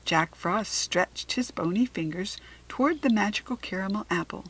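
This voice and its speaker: A woman reading a children's storybook aloud, slow, clear and expressive. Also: mid-range voice, low-quality recording. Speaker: storybook reader.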